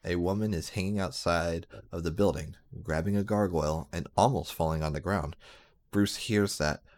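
A man's voice: low-pitched, steady tone, normal speed, darkish tone. A man doing a sarcastic, mocking reading of a badly written story. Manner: sarcastic, breaking into laughter. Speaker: reader. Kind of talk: mocking dramatic reading of bad fan fiction.

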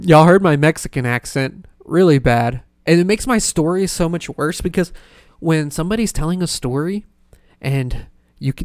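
A man's voice: on the high side, dry recording, studio quality. A young man hosting a solo podcast, rambling and self-deprecating with plenty of swearing. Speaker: podcast host. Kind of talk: casual solo podcast rant.

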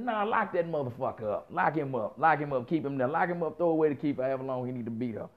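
A man's voice: mid-range voice, fast talker, few pauses. A man giving a casual opinion monologue, blunt and profane, repeating himself for emphasis as he rants. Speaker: commentator. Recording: dull lo-fi sound.

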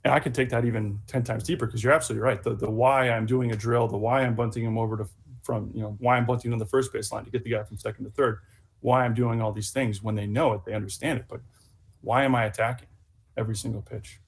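A man, a sports psychologist and former relief pitcher, telling a story in casual podcast talk, earnest and full of repeated words and fillers. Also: steady tone, quick pace, creaky, slightly rough.

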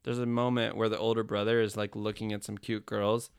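Laughing gravelly man chatting. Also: fairly low pitch, little pitch movement, brisk. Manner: joking, laughs often. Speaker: podcast co-host. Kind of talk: casual chat.

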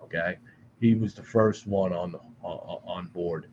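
A man from the Boston area, a podcast guest telling a long story in an animated, profane way with frequent restarts. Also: low-pitched, a little slow, dull audio, a little hiss or hum. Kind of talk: casual storytelling. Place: studio.

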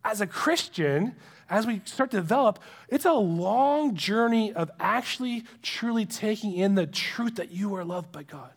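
A man's voice: high-pitched, lively intonation, unhurried. A man preaching a sermon in a conversational, earnest way, dropping to a near whisper to stress a point. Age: adult with young children. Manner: conversational and earnest, drops to a hush for emphasis. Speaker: pastor.

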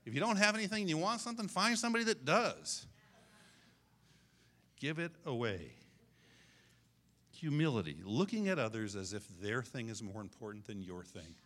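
A man in his sixties preaching a sermon in an animated, conversational way, repeating his key phrases. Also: medium pitch, moderate pace, pauses often. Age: 60s. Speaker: pastor.

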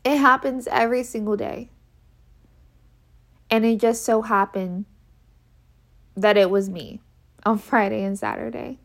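A woman's voice: a little high, fairly even intonation, a little slow, gravelly, pauses often. A woman telling a personal story in a casual, frank way, stressing her points by repeating them. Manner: emphatic, repeats key phrases for effect; frank and conversational, with fillers.

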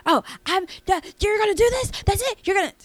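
A woman imitating a hysterical woman who yells at her boyfriend in a shrill, indignant voice. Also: lively intonation, a little fast.

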